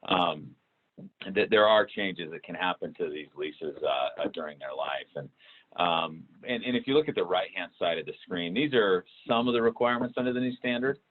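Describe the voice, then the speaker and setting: A man walking through a software demo in a webinar, talking with many fillers and restarts. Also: deep voice, expressive, normal speed. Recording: tinny phone-like call audio.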